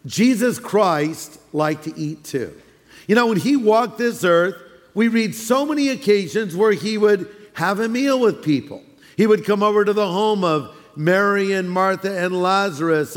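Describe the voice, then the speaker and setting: A pastor preaching a sermon to his congregation in a folksy, storytelling way, with restarts and asides to the listeners. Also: high voice. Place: large church sanctuary. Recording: long hall reverb in a church.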